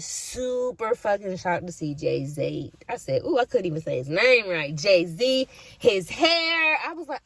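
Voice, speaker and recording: A woman's voice: mid-range voice, dry recording. A woman chatting casually in a reaction video, candid and profane, with lots of slang and asides. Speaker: vlogger reacting to an awards show.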